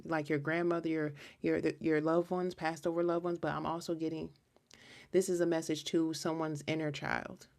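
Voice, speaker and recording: Woman tarot reader on a live stream, low gravelly voice, chatty, earnest and rambling. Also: a little mellow. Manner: chatty and rambling, frequent restarts; earnest and emotional. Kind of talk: casual live-stream reading.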